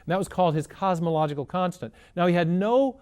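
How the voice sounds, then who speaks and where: A man's voice: sits high, quick pace, darkish tone, clear, resonant tone. A man answering as an interview guest, explaining in an earnest, methodical way and often restarting his sentences. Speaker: guest scientist.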